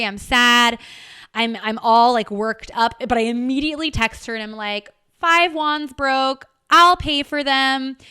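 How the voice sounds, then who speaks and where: A woman hosting a podcast, telling a personal story in a candid, animated way and swearing freely as she goes. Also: fairly high pitch, clean tone. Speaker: podcast host. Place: home.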